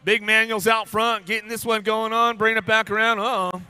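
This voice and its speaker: A man doing live race commentary at a BMX track, rattling off rider names in a rapid-fire, playful way and joking with riders and crew. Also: sits high, little pitch movement, sharp tone, clear, resonant tone, no echo, soft background music. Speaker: race announcer.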